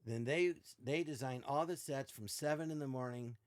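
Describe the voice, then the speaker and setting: A man's voice: medium pitch, normal speed, dry recording, studio quality. An older man, a podcast guest, telling stories in casual chat and acting out quoted lines with shifting voices. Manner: animated, acts out quotes in varied voices.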